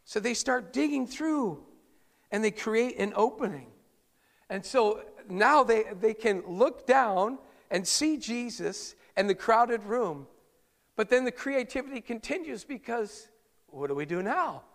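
Pastor preaching, high voice, lively storytelling, big hall reverb. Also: male voice, a little slow, gravelly. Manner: animated storytelling, chuckles often. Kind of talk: sermon.

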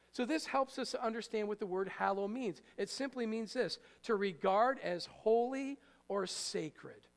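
High, gravelly-voiced male preacher. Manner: conversational preaching, jokes with the congregation, sudden loud emphasis. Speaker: pastor. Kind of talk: sermon. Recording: long hall reverb.

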